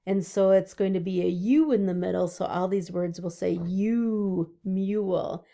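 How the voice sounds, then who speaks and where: A woman teacher giving a slow, sing-song phonics lesson to young children over distance learning, drawing out each word. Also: mid-range voice, gravelly, mellow.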